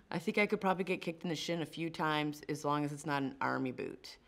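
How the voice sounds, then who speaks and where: A woman's voice: deep voice, fast talker, gravelly. A woman from the North Shore of Massachusetts, a CGI producer, chatting casually and self-deprecatingly through a Q&A and laughing often. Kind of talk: casual on-camera Q&A.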